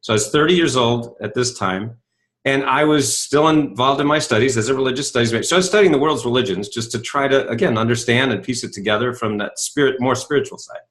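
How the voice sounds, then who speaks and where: A middle-aged self-help speaker gives a fast-paced motivational talk in a medium-pitched voice. He animatedly tells a story, acting out the dialogue, and fires off rhetorical questions with frequent "right?"s.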